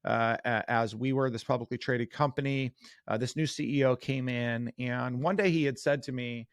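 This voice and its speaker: A man's voice: medium pitch, fairly even intonation, normal speed, dry recording, clean studio sound. A man in his forties, a guest sales coach, telling career stories in a podcast interview with an earnest, self-deprecating manner and frequent fillers.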